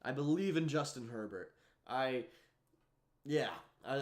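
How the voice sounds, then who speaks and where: A man's voice: mid-range voice, lively intonation, a little slow, darkish tone. Easygoing young man on a sports podcast. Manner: easygoing, laughs often, hesitant fillers. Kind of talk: casual sports chat.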